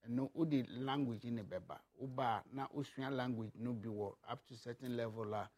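A man's voice: mid-range voice, normal speed, darkish tone. A man who is a guest on a radio show, explaining things steadily while switching between languages. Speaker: studio guest.

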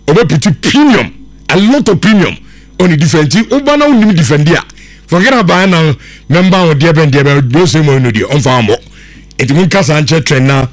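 A man hosting a sports radio show, reading out listener messages in a relaxed, conversational way. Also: on the high side.

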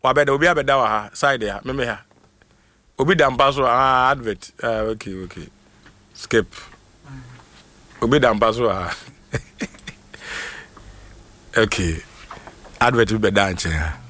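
A man with a Ghanaian accent hosting a radio show, reading out shout-outs in a playful, excitable way. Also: mid-range voice, a little slow, pauses often. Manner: excitable, playful, jokes and laughs between names. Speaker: radio host.

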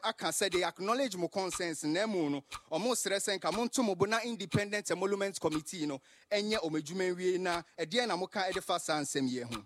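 A man's voice: high voice, fast, few pauses, a bit bright, slight background noise. A man with a Ghanaian accent giving a mock news presentation, mixing English with Twi. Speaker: contestant presenter.

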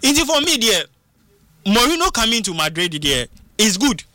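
A man giving animated football punditry, switching into local phrases and acting out what fans and coaches say. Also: high-pitched, moderate pace, no echo, clean studio sound. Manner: excitable, mixes English with local phrases, acts out quotes. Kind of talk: animated sports talk.

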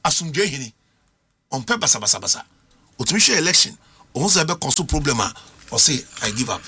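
A man's voice: a little high, big pitch swings, fairly quick, bright, forceful tone, breathy edge. A middle-aged Ghanaian man arguing as a panelist on a political talk show, emphatic and full of rhetorical questions. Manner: emphatic, argumentative, rhetorical questions, mixes languages.

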